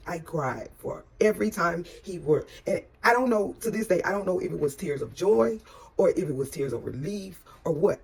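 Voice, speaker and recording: A woman's voice: sits low, creaky, husky. A woman telling a personal story in a casual, rambling way. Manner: rambling with many restarts.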